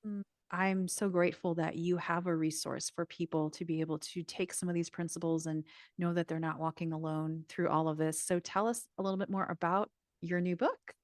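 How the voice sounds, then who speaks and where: A woman hosting a podcast, asking questions in an earnest, gentle way. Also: lowish voice, fairly even intonation, a little fast, no room sound, clean studio sound. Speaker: podcast host. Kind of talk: interview conversation.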